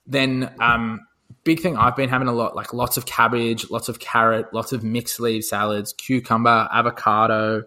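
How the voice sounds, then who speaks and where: A man's voice: mid-range voice, level tone, normal speed, sharp tone. A young man co-hosting a podcast, chatting casually in a rambling way, swearing freely and full of fillers and restarts. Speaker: podcast co-host. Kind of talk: casual chat.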